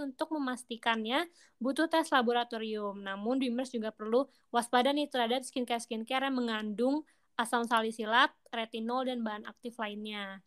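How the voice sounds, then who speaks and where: A young woman radio host talks quickly in a chatty, slangy and eager way, moving between reading news items and easy banter. Her voice sits a little higher than most women's. She sounds at home in a radio studio. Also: a bit bright.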